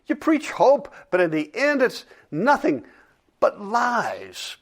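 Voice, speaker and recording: A man's voice: high voice, lively intonation, unhurried. A man voicing a bitter, grieving man who mockingly accuses God in a dramatic reading. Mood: accusing.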